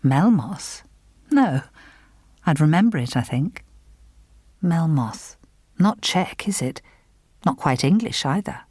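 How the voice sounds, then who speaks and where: A woman's voice: low-pitched, animated, slow pace, long pauses, darkish tone, husky, dry recording, clean studio sound, heavily acted. A woman reading the part of a reserved woman translator, speaking tersely and guardedly. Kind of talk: audiobook character reading.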